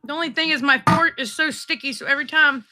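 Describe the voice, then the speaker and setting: A woman's voice: high voice, fast talker, very noisy. A woman co-hosting a casual livestream, bubbly and playful, chatting while she eats. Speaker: livestream co-host. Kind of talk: casual chat.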